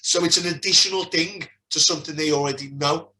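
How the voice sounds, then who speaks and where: A man's voice: a little high, steady tone, a little fast, sharp tone. A man with a Liverpool accent in casual podcast chat, blunt and sweary, trailing off with "and that".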